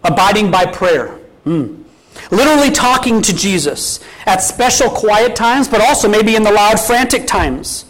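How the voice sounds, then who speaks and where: A man's voice: high-pitched, lively intonation, unhurried, a bit bright, rough recording. A man preaching a sermon as pastor, talking casually and putting many questions to his congregation, with scripture quotes mixed in. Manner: quotes scripture at an easy speaking pace.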